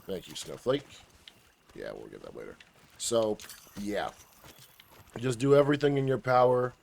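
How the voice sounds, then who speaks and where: A man's voice: medium pitch, expressive, moderate pace, vocal fry, darkish tone, a little hiss or hum. Laid-back man talking while gaming. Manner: laid-back, swears and trash-talks the game. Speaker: gaming guide creator. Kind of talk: casual commentary while playing.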